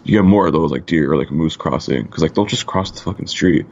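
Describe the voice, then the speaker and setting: A man's voice: extremely low pitch, quick pace, creaky, darkish tone, highs cut off. A laid-back man from Canada co-hosting a casual podcast, swearing freely and filling his talk with "like.". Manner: laid-back, swears a lot, lots of "like" fillers. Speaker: podcast co-host.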